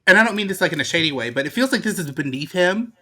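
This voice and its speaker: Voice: mid-range voice, expressive, very fast, bright, forceful tone. A podcast co-host giving blunt, joking opinions in casual chat.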